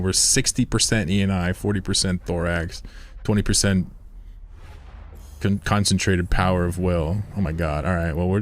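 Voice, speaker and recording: A man with a very low voice streams a game and chats loosely with his viewers. He rambles, swears freely and laughs often. The sound is close and dry, with no room around it. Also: dry recording. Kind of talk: casual live-stream chat while gaming.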